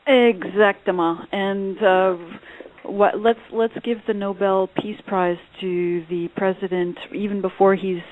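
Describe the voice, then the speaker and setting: A woman's voice: mid-range voice, steady tone. A female radio show co-host speaking sarcastically, often stumbling and restarting her sentences. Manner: sarcastic, halting with repeated restarts. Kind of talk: opinionated call-in talk. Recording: tinny phone-line audio.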